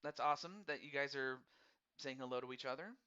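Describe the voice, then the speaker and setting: A man's voice: medium pitch, brisk, bright, forceful tone, clean tone, highs cut off. A man hosting a casual live-streamed hockey draft, rambling and repeating words in a friendly, upbeat way.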